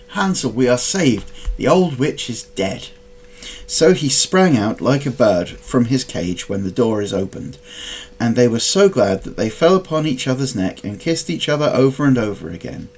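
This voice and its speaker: A man reading a storybook aloud in an expressive, dramatic way. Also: medium pitch, normal speed, slight background noise, poor audio. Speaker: storybook reader.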